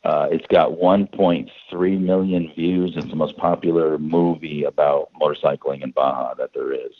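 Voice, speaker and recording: Deep-voiced man on a tinny line. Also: fairly even intonation. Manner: rambling, halting, many restarts. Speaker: guest. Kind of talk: casual storytelling. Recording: phone-like line.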